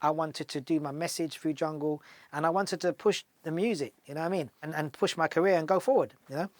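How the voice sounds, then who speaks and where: Fast-talking man telling stories. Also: a little high, no echo. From London. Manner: animated, acts out dialogue in the stories. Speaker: guest musician. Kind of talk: casual storytelling interview.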